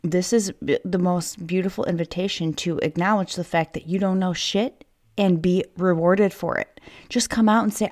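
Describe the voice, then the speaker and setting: A woman's voice: mid-range voice, moderate pace, darkish tone. Fired-up, swearing woman podcaster. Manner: fired up, swearing, rambling asides. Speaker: podcast host. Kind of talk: casual solo podcast monologue. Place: inside a child's play tent at home.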